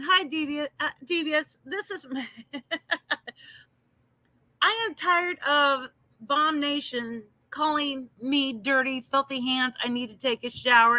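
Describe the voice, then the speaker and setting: Bright high-voiced woman livestreaming. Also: unhurried, no room sound. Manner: emphatic, responds to chat by name. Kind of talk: casual livestream chat.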